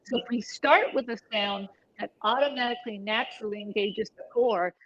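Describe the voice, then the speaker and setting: A woman voice coach in a livestream chat, demonstrating vocal exercises with loud whoops and barks. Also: fairly high pitch, a little fast. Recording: dull lo-fi livestream audio.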